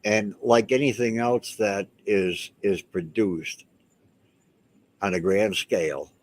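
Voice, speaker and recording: A man with a fairly low voice talks straight to the camera in a loose, rambling way. He leans hard on his points and keeps doubling back to restart his sentences. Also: fairly even intonation, slow pace. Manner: rambling and emphatic, with many restarts. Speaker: house owner and vlogger. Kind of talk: casual talk to camera.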